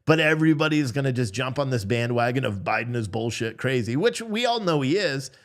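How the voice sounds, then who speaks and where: A man's voice: medium pitch, fairly quick. A man hosting a profane, sarcastic political commentary rant. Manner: animated, profane, sarcastic, mocking impressions.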